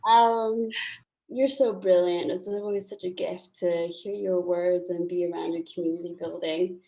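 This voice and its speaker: A woman poet speaking casually over a video call from a dorm room, effusive and unhurried. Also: fairly low pitch, fairly even intonation, vocal fry, mellow, rough recording.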